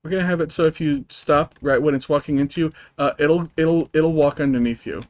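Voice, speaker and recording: A man's voice: fairly high pitch, fairly quick, darkish tone, dry recording. A man streaming a video game, ranting profanely and rambling with lots of fillers and restarts. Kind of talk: live-streamed gameplay commentary.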